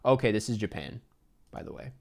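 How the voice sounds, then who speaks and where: A man streaming a geography guessing game, talking to himself and his chat in an excitable, casual way. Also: lowish voice, a little fast. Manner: excitable, talks to himself while guessing, swears. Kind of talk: casual live gameplay chat.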